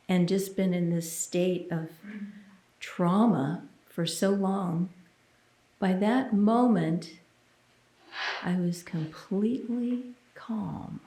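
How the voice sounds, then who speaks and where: Woman, minister, sermon testimony, slow and earnest, intimate storytelling, echoey church room. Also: medium pitch. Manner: earnest, intimate storytelling, sometimes dropping to a hushed near-whisper. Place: church sanctuary. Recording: roomy, echoey sound.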